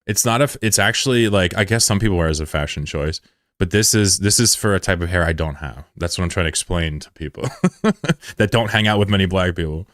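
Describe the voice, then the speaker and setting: A man's voice: deep voice, fast talker, a bit bright, no echo, clean studio sound. A young man streaming and chatting casually with viewers, joking and swearing loosely as he talks. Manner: loose, profane, joking banter. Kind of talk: casual live-stream chat.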